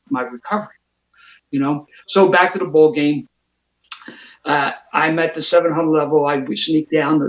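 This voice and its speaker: A man's voice: fairly high pitch, echoey room, poor audio. A man sharing his recovery story at a meeting, with a lot of stops and restarts. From Philadelphia. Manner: storytelling with quick restarts and laughs. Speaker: AA speaker. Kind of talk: recovery share told as a story. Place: home via video call. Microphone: video call mic.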